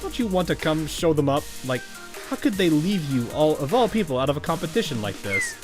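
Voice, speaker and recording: Man doing a hot-headed sore-loser schoolgirl, loud, ranting, indignant, lively pitch. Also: fairly quick, over music. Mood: scheming. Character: hot-headed, sore-losing teenage girl.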